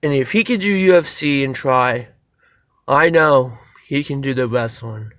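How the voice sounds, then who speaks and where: A man reviewing a wrestling show in a casual video, excitable and rambling, swearing freely as he goes. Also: mid-range voice, unhurried, no echo.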